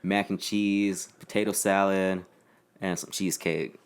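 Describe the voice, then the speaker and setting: Young male co-host, very low smooth voice, laid-back. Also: level tone, a little slow. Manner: laid-back, reads off news items. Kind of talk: casual chat.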